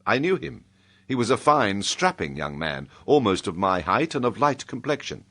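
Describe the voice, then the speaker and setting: A man with a British accent narrating a classic novel in the first person, with expressive storytelling. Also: on the low side, normal speed. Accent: British English. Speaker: audiobook narrator.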